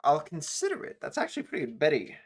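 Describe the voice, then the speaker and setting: Lively-voiced streamer tuning a banjo. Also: medium pitch, normal speed. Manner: excitable and profane, reacting while tuning an instrument. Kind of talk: casual live-stream chat. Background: faint banjo plucking.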